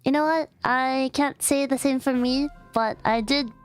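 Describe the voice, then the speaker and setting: A young woman streaming a casual chat, hoarse and raspy from losing her voice, talking in a bubbly, rambling way. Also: high voice, steady tone, a little slow, dry recording, faint music behind. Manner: bubbly, chatty, rambling with frequent laughs. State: hoarse, voice partly gone. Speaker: VTuber streamer.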